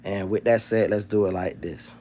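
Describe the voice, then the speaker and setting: A man's voice: low-pitched, steady tone, moderate pace, mellow. A man hosting a livestream, talking in a loose, profane, joking rant. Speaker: livestream host.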